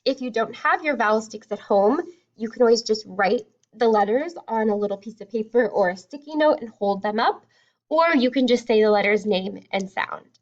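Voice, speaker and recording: A woman teaching a phonics lesson to young children, sounding out words slowly and cheering them on. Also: a little high, animated, dull audio. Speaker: kindergarten teacher.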